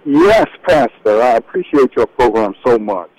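A man calling into a radio program, speaking haltingly and searching for his words. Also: mid-range voice, lively intonation, darkish tone, no echo, low-quality recording. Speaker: caller. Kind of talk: call-in radio conversation.

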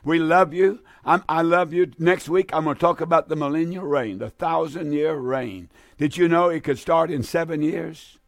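A man delivers a fervent radio sermon with a somewhat high-pitched voice, stumbling and repeating himself as his excitement builds. The sound is dry and close to the mic, with no room around it. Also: normal speed, creaky, few pauses, dry recording. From American South. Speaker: radio preacher.

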